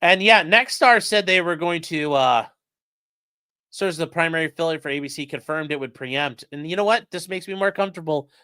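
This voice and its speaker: A man's voice: a little high, fairly quick, bright, forceful tone, smooth, dry recording. Crude, mocking male streamer. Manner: crude, mocking, reads chat aloud. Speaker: streamer commentating on news. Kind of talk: casual live-stream commentary.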